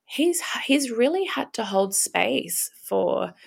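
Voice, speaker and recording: Emotional woman with a gravelly voice. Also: a little high, big pitch swings. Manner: candid, swearing, halting with repeats. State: emotional, voice rising and shaky. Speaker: podcast guest. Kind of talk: emotional personal interview.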